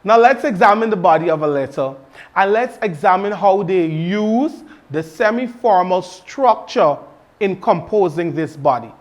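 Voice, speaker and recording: Slow, deliberate male teacher. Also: sits high, lively intonation. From Guyana. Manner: deliberate, repeats each example twice; emphatic, asks the class questions. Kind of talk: recorded classroom lesson.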